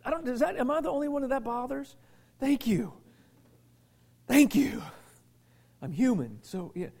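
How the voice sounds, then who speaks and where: A man preaching a sermon as pastor, emphatic, often restarting and repeating words, swinging from loud bursts to near-whispers. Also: very high voice, big pitch swings, a little fast, vocal fry.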